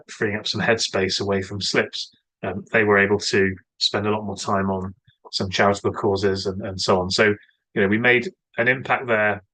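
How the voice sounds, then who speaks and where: A man's voice: lowish voice, fairly bright tone, no room sound, poor audio. A man hosting an online safety roundtable, talking with many hesitations and filler sounds over a video call. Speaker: roundtable host.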